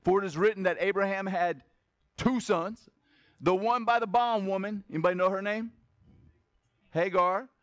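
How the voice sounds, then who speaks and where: A male pastor preaching a sermon, animated and conversational, jumping between loud exclamations and quiet asides and asking his congregation questions. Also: high-pitched, normal speed, long pauses, no room sound, studio quality.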